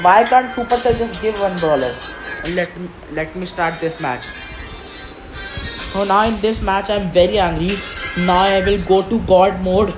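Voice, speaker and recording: A woman's voice: medium pitch, normal speed, over music, rough recording. A woman commentating her own gameplay, frustrated and complaining as she plays. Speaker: gaming commentator.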